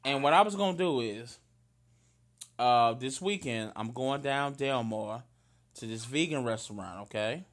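Animated, bright-voiced St. man. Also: mid-range voice, unhurried. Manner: loud, animated storyteller, slangy and emphatic. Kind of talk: casual chat between cousins.

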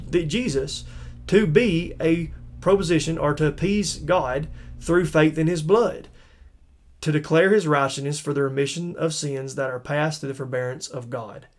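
Casting: male Bible teacher, slightly higher voice, relaxed and conversational, repeats himself to stress a point. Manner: conversational, thinks aloud, repeats words for emphasis. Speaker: preacher teaching scripture. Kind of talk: informal verse-by-verse Bible teaching.

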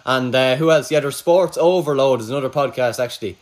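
A man's voice: medium pitch, fairly quick. A man with an Irish accent hosting a podcast in casual chat, laid-back, swearing freely and laughing easily. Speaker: podcast host.

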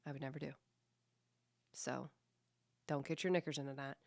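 A woman's voice: rumbling low, steady tone, moderate pace, gravelly, a little mellow, no echo, clean studio sound. A woman hosting her own podcast, talking casually and bluntly, with lots of swearing and self-deprecating jokes. She also coaches kids in fitness. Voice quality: voice described as a radio voice. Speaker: podcast host. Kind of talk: casual solo podcast monologue.

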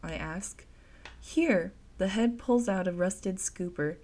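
A woman narrating a first-person horror story in an expressive, dramatic way. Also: mid-range voice, measured pace.

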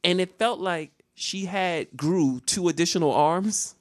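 A man's voice: sits high, unhurried, no echo, clean studio sound. A man telling a comedic story on a podcast. He laughs often and acts out the voices and sounds of other people.

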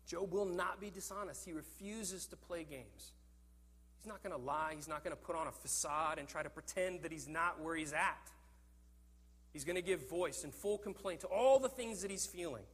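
A man preaching a sermon in an earnest, animated way, often repeating words as he thinks. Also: sits high, normal speed, husky, in a large hall.

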